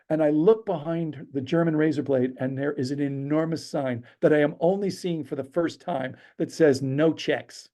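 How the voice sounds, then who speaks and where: A man telling a personal story as a podcast guest, lively and acting out the lines he quotes. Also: on the high side, moderate pace, few pauses. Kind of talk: animated anecdote telling.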